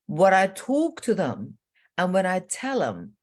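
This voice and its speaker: A middle-aged woman life coach telling stories in an interview, acting out what people said with sudden jumps in pitch. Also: a little slow. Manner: lively storyteller, acts out quotes with jumps in pitch. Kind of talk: animated storytelling in a podcast interview.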